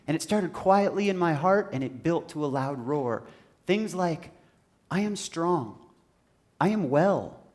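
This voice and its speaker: A man giving an inspirational stage talk in a large hall, emphatic and repetitive, building up to shouting. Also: a little high. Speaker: motivational speaker.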